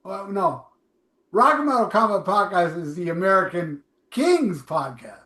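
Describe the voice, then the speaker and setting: High, bright-voiced rambling podcast host. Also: male voice, sing-song, measured pace, roomy sound. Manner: rambling, profane, jokey. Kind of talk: casual podcast banter.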